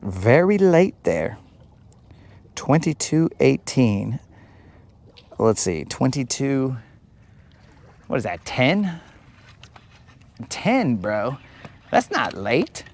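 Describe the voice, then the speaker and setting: A man's voice: medium pitch, very animated, drawn-out words, creaky, pauses often, darkish tone. A man hosting a live fishing stream from a boat outdoors, chatting to viewers in a casual, joking, slangy way. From United States. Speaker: fishing livestream host.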